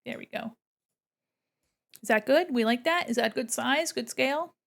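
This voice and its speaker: Sitting by a window in a room at home, a woman streams her drawing and talks casually with viewers, thinking out loud as she works. She has a fairly high, gravelly voice and keeps a moderate pace.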